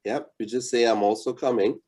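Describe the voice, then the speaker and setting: A man's voice: medium pitch, fairly even intonation, dark tone, husky. A man, giving a patient, coaching language lesson over a video call. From Haiti. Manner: patient, coaching, repeats words slowly. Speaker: language instructor. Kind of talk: interactive online lesson.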